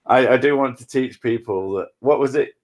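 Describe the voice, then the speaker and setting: A man's voice: medium pitch, moderate pace, a little mellow. A man streaming, chatting casually with crude jokes. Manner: joking, crude banter.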